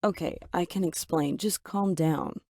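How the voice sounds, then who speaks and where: A narrator voicing a calm, wise middle-aged mother in a told story, in a dry, close sound. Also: medium pitch, unhurried, creaky, no echo. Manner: calm, soothing.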